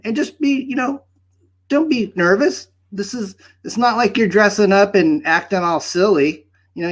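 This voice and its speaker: A goofy mustached bizarro host, put on by a man who rambles cheerfully in an invented accent. The voice sits a little higher than usual. It is a chatty, hammy livestream persona. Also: natural voice. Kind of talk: hosting an open-mic livestream. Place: home studio set.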